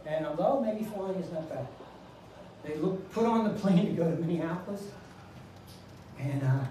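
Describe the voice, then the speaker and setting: A man's voice: high-pitched, moderate pace, mellow, slight background noise. Older man telling a comic story, echoey room. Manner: chatty, self-deprecating, comic asides. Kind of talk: live stage storytelling. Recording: echoey room, mic far off.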